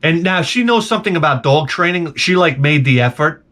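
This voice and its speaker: A man's voice: fairly high pitch, animated, fairly quick, fairly bright tone. A man telling a rambling, profane story in a casual comedic rant to his vlog audience. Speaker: vlogger.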